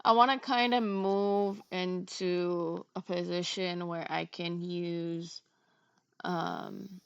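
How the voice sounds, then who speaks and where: Woman, tabletop player, slow, gravelly, hesitant. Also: fairly low pitch, fairly even intonation, lo-fi sound, slight background noise. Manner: hesitant, many fillers. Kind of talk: playing a tabletop game.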